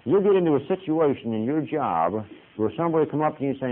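A man's voice: fairly high pitch, animated, quick pace. A man who is a Baptist preacher, giving a folksy, conversational sermon full of stories and punctuated with "amen". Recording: tinny phone-like radio broadcast.

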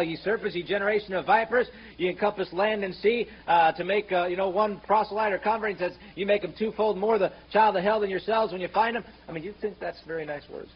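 A man preaching a fiery sermon, sarcastic and mocking, rising to shouts when he quotes scripture. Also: sits high, fairly even intonation, quick pace, hardly any pauses, husky. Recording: muffled, slightly noisy sermon recording.

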